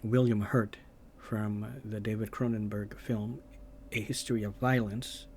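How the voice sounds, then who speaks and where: A man's voice: on the low side, level tone, a little slow, a little mellow, a little hiss or hum. A man making gaming videos, ranting casually and rambling, with lots of hesitations and restarts.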